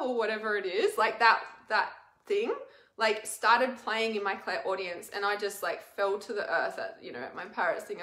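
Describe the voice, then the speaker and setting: A spiritual vlogger talks casually to camera in a rambling, emotional, confessional way, packed with filler words. Her voice is mid-range and fairly bright, and the room is echoey.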